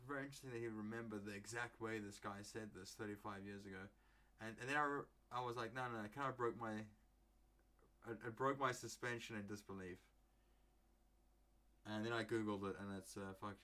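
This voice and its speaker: A man's voice: on the low side, fairly bright tone. A young man from England rambling through a casual solo podcast, joking and swearing freely as he goes. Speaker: podcast host.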